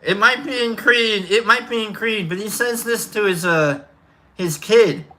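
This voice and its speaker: A man's voice: sits high, measured pace, pushed and bright. A man hosting a casual livestream, chatting in a rambling, self-correcting way. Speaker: livestream host.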